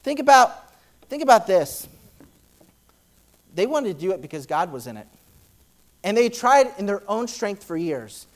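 This man's voice sits high as he preaches a sermon in church and reads from scripture. He rushes along with excitement, frequently doubling back on words while pressing ahead.

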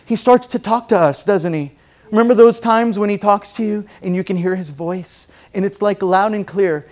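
High-voiced man preaching with fervor. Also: moderate pace, darkish tone. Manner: folksy and joking, building to fervent preaching. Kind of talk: sermon with object lesson.

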